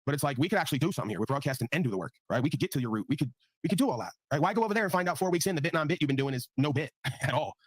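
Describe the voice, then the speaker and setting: On the high side and racing along, the man's expressive voice carries no echo. He's hosting a livestream panel and rants casually in blunt, profane terms, habitually tagging his points with "right?".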